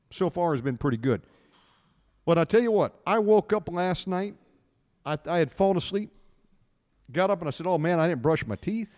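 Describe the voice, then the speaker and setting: Middle-aged American radio host, spins animated anecdotes; higher pitch, reverberant sound. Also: male voice. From United States. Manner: animated anecdote teller, acts out dialogue. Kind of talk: casual storytelling chat.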